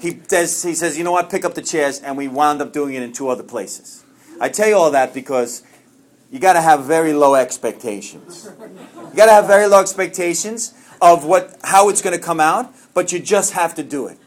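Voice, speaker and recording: A man tells his recovery story to a meeting in a voice pitched a little high. He talks with lively swings, jumping to loud exclamations and then dropping to quiet, confiding asides. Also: moderate pace. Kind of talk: sharing a personal story.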